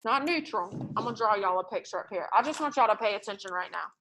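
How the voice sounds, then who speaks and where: A woman teaching a math class in a classroom, lively and joking as she tells stories to her students. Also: medium pitch, fast, slight background noise.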